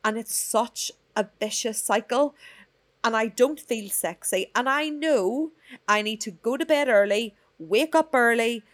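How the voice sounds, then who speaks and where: A woman's voice: fairly high pitch, a little slow. A woman co-hosting a podcast, congested from a cold, swearing freely as she gives a motivational rant. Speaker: podcast co-host. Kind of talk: casual podcast chat.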